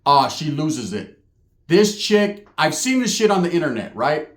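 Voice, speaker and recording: A man with a fairly high voice tells a profane comedy story, loose and conversational. He keeps tagging his lines with "right?", and the sound is echoey. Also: big pitch swings, a little slow. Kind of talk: storytelling stand-up.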